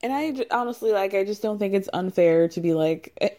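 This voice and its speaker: A woman's voice: medium pitch, animated, brisk, warm tone. Chatty sarcastic woman in her thirties. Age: 30s. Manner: chatty and sarcastic, acts out quotes, laughs often. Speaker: podcast host recapping a reality show. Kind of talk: casual chat.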